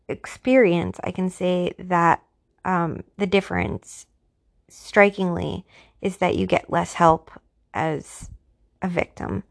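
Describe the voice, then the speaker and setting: A woman talking casually about her personal experiences, offering her opinion in a halting way with restarts and fillers. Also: mid-range voice, vocal fry. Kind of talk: casual monologue.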